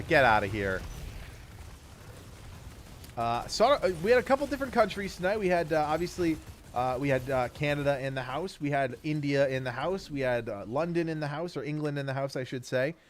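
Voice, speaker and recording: Slight background noise accompanies a man of medium pitch who's live-streaming a game. Cheerful and casual, he has kids and runs through a fast list of viewer names along with where each is tuning in from.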